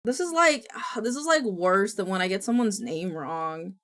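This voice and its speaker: A woman's voice: mid-range voice, animated, normal speed, a bit bright. A young woman streamer chatting casually, rambling and apologetic with lots of filler words. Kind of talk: casual live-stream chat.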